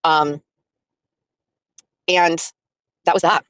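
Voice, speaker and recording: A woman's voice: lowish voice, fairly even intonation, very slow, fairly bright tone, dry recording, rough recording. A woman streamer casually recounting a story to her viewers, acting out both sides of the conversation and laughing often. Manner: chatty, retells by acting out quotes, laughs often. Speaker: streamer covering a court trial.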